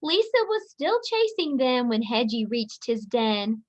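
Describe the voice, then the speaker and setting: A woman teacher reading a picture book aloud to children, speaking clearly and expressively. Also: fairly high pitch, big pitch swings, unhurried, hardly any pauses. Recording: dull lo-fi audio.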